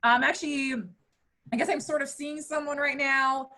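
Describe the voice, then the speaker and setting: A woman in her thirties doing stand-up comedy with a fairly high voice. She tells crude, playful stories and keeps leaping into squeaky mock voices for her punchlines. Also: flat delivery, normal speed, pushed and bright. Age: 30s. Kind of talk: virtual stand-up set.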